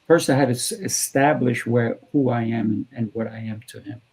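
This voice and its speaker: A man's voice: mid-range voice, steady tone, normal speed, darkish tone, husky, low-quality recording. A man who is a trainer and show host, telling a story in a podcast conversation and acting out both sides of the dialogue.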